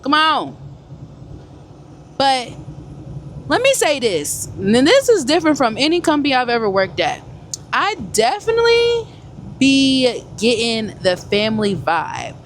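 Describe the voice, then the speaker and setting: Chatty woman trucker, lively pitch. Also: unhurried. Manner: animated, chatty, addresses viewers as y'all. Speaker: truck driver vlogger. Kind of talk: casual vlog chat to viewers. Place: truck cab on the highway. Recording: loud road and engine noise. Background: truck road noise.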